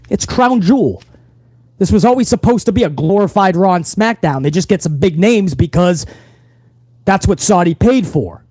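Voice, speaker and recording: Profane, high-voiced wrestling stream host. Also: male voice, darkish tone, no room sound. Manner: profane, fired-up, talks straight to viewers. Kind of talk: casual livestream commentary.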